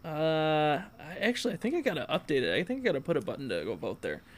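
A man's voice: a little high, big pitch swings, fast talker. A man hosting a casual podcast chat, laughing often and reading listener posts aloud. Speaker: podcast host.

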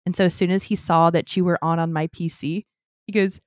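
A young adult woman co-hosting a casual podcast, chatty and animated, telling stories with quoted voices. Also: lowish voice, brisk, dry recording, studio quality. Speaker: podcast co-host. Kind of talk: casual chat.

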